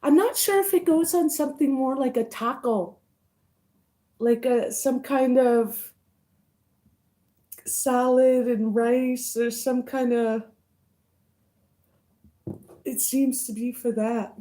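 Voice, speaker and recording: Woman, livestream eating chat, high voice, unhurried, greets viewers by name, savoring bites. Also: mellow. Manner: slow, chewing, savoring food with murmurs. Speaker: mukbang vlogger.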